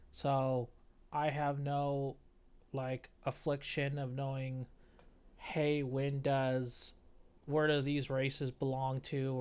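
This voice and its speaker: A man's voice: medium pitch, clear, resonant tone. A man giving an opinionated reaction commentary on a game, rambling with many fillers. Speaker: gaming video creator.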